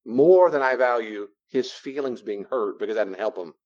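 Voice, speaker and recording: A man's voice: medium pitch, lively intonation, normal speed, darkish tone, dull audio. A man giving a conversational teaching talk on boundaries, animatedly acting out both sides of everyday dialogues. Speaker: Christian counselor teaching on boundaries.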